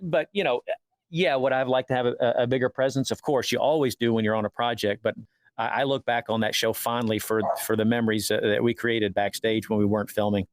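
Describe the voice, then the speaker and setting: A man's voice: mid-range voice, quick pace, no echo. A man, an actor guest, telling stories in a casual interview and acting out the dialogue as he goes. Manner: animated, acts out quoted dialogue.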